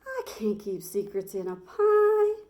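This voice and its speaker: A storybook cowboy drawls in a slow Texas accent, voiced by a woman reading aloud. He lets out high, whooping cries of excitement between slow, easy lines. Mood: excited. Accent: Texas drawl, put on. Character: cheerful grown cowboy man with slow drawl.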